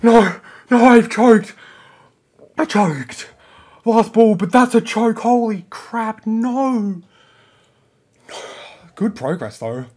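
A man's voice: high voice, very animated, slow, long pauses, a little mellow, husky. A man giving live gameplay commentary, complaining in frustration about a level as he plays. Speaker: gamer playing live.

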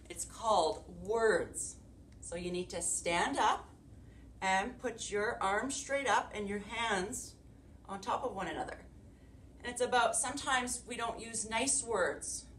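A woman preschool teacher leading circle time and reading a storybook aloud, giving gentle, encouraging instructions to young children. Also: mid-range voice, recorded from a distance. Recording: echoey room with faint background hiss.

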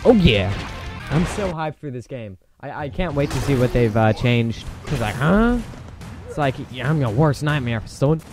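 Excitable young man playing a game. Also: medium pitch, unhurried. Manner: excitable, exclaiming and laughing at the game. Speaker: gameplay commentator. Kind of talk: casual let's play commentary. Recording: game music and gunfire loud behind voice. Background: game music and gunfire.

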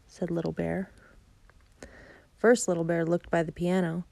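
Woman narrator, low and mellow with some fry, calm and measured, reads a kids' picture book. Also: no echo. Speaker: storybook reader. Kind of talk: reading a children's picture book aloud.

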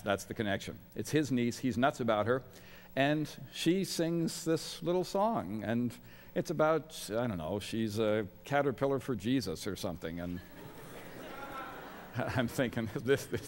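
A man's voice: mid-range voice, animated, normal speed. Wry middle-aged man preaching in a chapel. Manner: wry, self-deprecating humor. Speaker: guest chapel speaker. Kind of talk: sermon. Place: large college chapel. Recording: long reverb of a large chapel.

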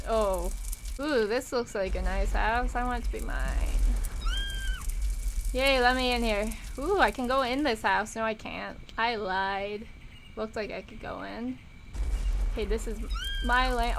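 A woman giving casual gameplay commentary, excitable, shrieking and swearing at the game. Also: a little high, normal speed, slight background noise, low-quality recording. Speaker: gaming YouTuber.

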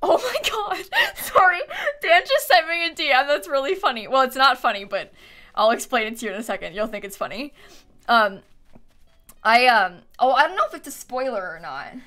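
A woman's voice: fairly high pitch, animated, fairly quick, pushed and bright. A young woman streaming live, chatting casually, giggling often and reading her chat aloud with plenty of fillers.

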